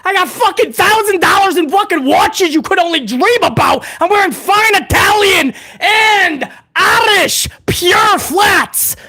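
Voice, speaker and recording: A man playing a brash, boastful heel character, shouting profane taunts in a comedic rant. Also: extremely high pitch, expressive, unhurried, few pauses, pitched above the performer's own voice, full character voice. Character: brash loudmouth heel bragging man, adult.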